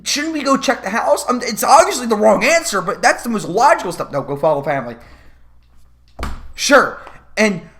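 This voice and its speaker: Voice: mid-range voice, normal speed. A vlogger ranting about a movie in a casual comedic review, swearing often and laughing. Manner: profane, animated, laughing.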